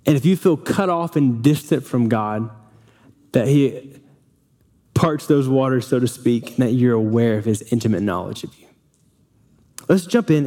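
A man's voice: medium pitch, mellow. A young man preaching a sermon as pastor, earnest, reading scripture aloud and sometimes restarting his sentences.

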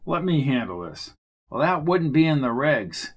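A man reading the lines of a steady, cautious male colleague in a measured tone. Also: fairly high pitch, husky. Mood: calm reasoning.

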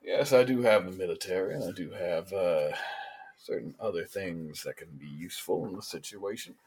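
A man voicing a ruthless male governor who delivers slow, menacing speeches. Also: deep voice, a little mellow, husky.

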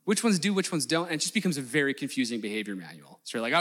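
A man's voice: fairly high pitch, sing-song, fairly quick. A man preaching a sermon in a conversational way, acting out the voices of the people he quotes. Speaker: pastor.

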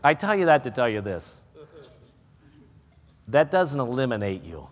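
A man's voice: mid-range voice, very animated, measured pace. Preaching man in a reverberant church. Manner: folksy storytelling that builds to loud preaching. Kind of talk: sermon with personal story. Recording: hall reverb.

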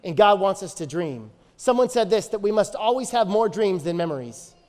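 A man's voice: sits high, animated, normal speed, a little mellow, in a large hall. A man in his thirties preaching a sermon as pastor, telling stories with energy and repeating phrases for emphasis.

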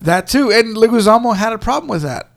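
A man's voice: high voice, expressive, a little fast, vocal fry. A man co-hosting a podcast in casual chat, rambling with lots of fillers and restarts. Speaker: podcast co-host.

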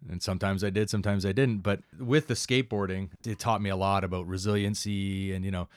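Fast-talking deep-voiced man, dry sound. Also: no room sound. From Canada. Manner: relaxed, rambling anecdotes with many asides. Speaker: firefighter and instructor, guest. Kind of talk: casual interview storytelling.

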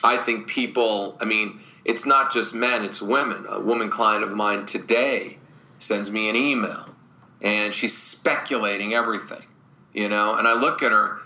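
A man's voice: on the low side, steady tone, normal speed, bright, forceful tone, poor audio. A man speaking as a dating coach in a podcast interview, emphatic and blunt. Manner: emphatic, blunt, acts out quoted voices.

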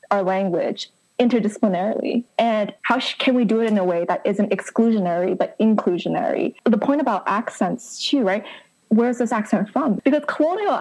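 A woman's voice: medium pitch, darkish tone, low-quality recording. Wry woman on a panel. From Canada. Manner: articulate, wry, asks rhetorical questions. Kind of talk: panel discussion.

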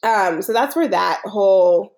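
A woman's voice: medium pitch, expressive, a little slow, a little mellow. A woman co-hosting a podcast, casually recapping a film, rambling with a lot of "like" and frequent laughter. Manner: rambling, laughs often, heavy use of "like". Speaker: podcast co-host.

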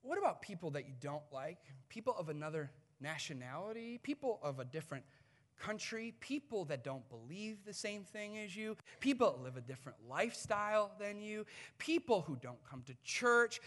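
A man in his thirties delivers a sermon in a high, bright voice. He tells stories with animated shifts, falling to near-whispers and climbing back to loud emphasis. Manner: storytelling, swings from hushed to loud. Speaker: pastor.

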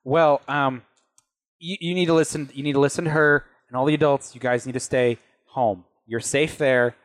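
A man voicing a woman who reassures children over the phone, halting and soothing. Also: mid-range voice, fairly even intonation, natural voice. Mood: reassuring.

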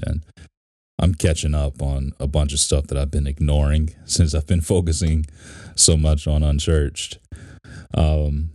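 A man's voice: extremely low pitch, warm tone, no echo, studio quality. A man co-hosting a podcast, chatting casually in a rambling, talkative way. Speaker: podcast co-host. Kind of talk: casual chat.

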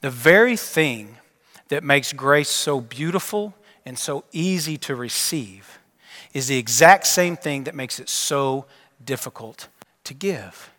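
A pastor preaches in a church sanctuary with a long hall reverb. His voice sits at an ordinary middle pitch. He tells the story plainly, asks his listeners questions, and often sinks to a hushed, low voice to land a point. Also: expressive, takes it slowly. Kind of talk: sermon.

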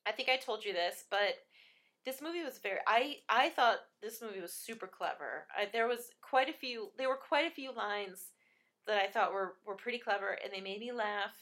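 A woman's voice: mid-range voice, moderate pace, a bit bright. A woman chatting casually about a film, rambling with lots of fillers and laughing often.

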